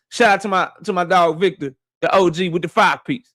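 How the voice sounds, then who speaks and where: A man hosting a boxing livestream, shouting out viewers by name in loose, slangy casual talk. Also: sits high, a little fast, no room sound, studio quality.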